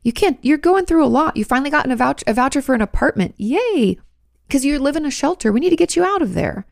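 A woman's voice: sits high, sing-song, fast talker, gravelly, darkish tone, no room sound, studio quality. A woman therapist giving direct, reassuring advice in answer to viewers' questions. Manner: direct and reassuring, coaching the listener.

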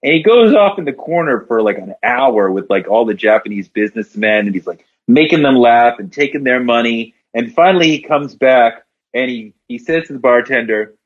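A man, a podcast guest and writer, telling long story jokes in casual talk and voicing the characters with big jumps in pitch. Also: expressive, normal speed, muffled recording.

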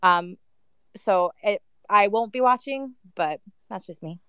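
A woman speaking as a guest in a casual audio chat room gets heated, leaning constantly on "like" and "um." She talks slowly in a medium-pitched, lively voice that's bright, forceful and smooth, with no echo in the recording.

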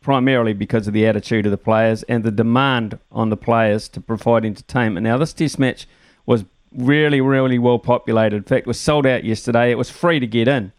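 A man hosting a sports talkback radio show, chatty and relaxed as he thanks callers by name. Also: medium pitch, a little fast, dry recording. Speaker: talk radio host. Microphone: studio microphone.

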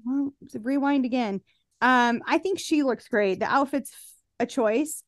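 A high-pitched woman talks in a loose, sarcastic podcast chat and keeps slipping into little acted-out quotes. Her voice sits close and dry, with no room sound around it. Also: unhurried, no echo. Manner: chatty, sarcastic, acts out quotes. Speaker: podcast co-host. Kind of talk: casual chat recapping a reality show.

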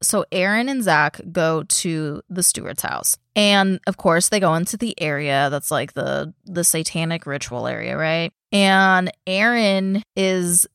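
A woman's voice: fairly low pitch, a little slow, vocal fry, hardly any pauses, fairly bright tone, clean tone, no echo, studio quality. Swearing, laughing podcast host woman. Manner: swears freely, acts out quotes, laughs often. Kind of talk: casual chat.

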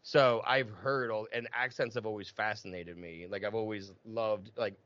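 A man with a Philadelphia accent hosting a casual interview, talking in a chatty, animated way. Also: fairly low pitch, moderate pace, dry recording, muffled recording. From Philadelphia area, South Jersey. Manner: chatty, animated storyteller, acts out quoted voices. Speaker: podcast host.

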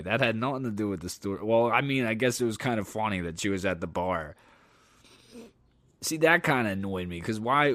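A young man with a lowish voice talks straight into a dry, close mic. He hosts his own podcast and tells frank, cursing stories about dating. When he retells the fright, he climbs high and loud. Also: no echo. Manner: candid and profane, animated when retelling a scare. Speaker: podcast host. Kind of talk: casual storytelling monologue.

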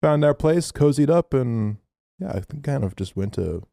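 A man co-hosting a podcast, telling a story in a casual, animated way, swearing freely. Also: medium pitch, normal speed, gravelly, dry recording, studio quality. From Australia. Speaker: podcast co-host.

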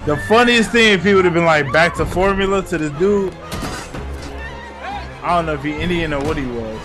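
A man's voice: a little high, normal speed, over music. A man hosting a casual film review podcast, swearing and acting out quotes as he tells the story. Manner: profane, animated storytelling with acted-out quotes. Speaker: podcast host.

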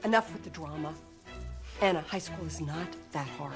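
An actress playing a middle-aged therapist mother arguing with her teenage daughter, calm and clinical at first, then sharp. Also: deep voice, normal speed, faint music behind. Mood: patronizing. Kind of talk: film drama acting.

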